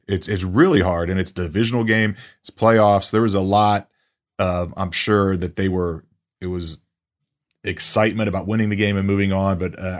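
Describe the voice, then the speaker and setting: Deep-voiced male reporter, halting, thoughtful podcast co-host. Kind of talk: casual sports podcast chat.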